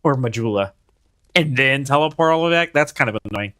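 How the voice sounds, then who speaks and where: Young male streamer, bright and animated, casual reactive gameplay commentary. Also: mid-range voice, brisk. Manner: reactive, swearing, talks to himself and chat.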